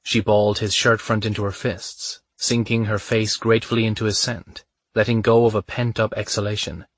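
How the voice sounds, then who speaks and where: A man narrating a romance audiobook in a measured, even storytelling manner. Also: lowish voice, dry recording.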